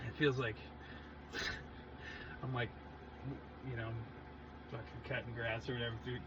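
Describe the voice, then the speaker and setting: A man hosting a podcast in casual chat, throwing in quick jokes. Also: medium pitch, level tone. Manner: joking, throws in quick quips. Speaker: podcast host. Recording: dull lo-fi sound with clear background noise.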